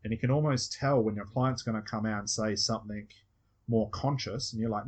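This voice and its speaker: A man's voice: fairly low pitch, steady tone, brisk, a little mellow, breathy edge. A man with an Australian accent coaching a student one on one, patiently explaining step by step and acting out example phrases. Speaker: hypnosis coach.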